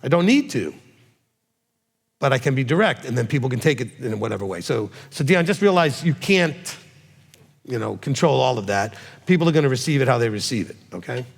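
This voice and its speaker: A man, a rabbi, answering questions from his congregation in a direct, animated way, often checking in with a quick "okay?". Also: mid-range voice, vocal fry. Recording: long hall reverb.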